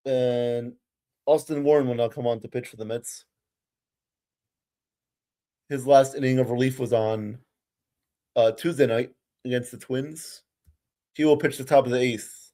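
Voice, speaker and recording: Young male fan-streamer, mid-pitched, amateur play-by-play, gets heated and sweary at his team. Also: steady tone, a little slow, pauses often, dark tone. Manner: frustrated, ranting fan commentary, curses. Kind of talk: amateur live play-by-play commentary.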